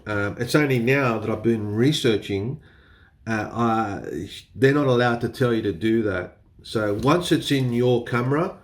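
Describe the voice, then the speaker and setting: A man with an Australian accent chatting casually to camera as a photography vlogger, laughing often and swearing a little. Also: on the low side. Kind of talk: casual explainer talk to camera.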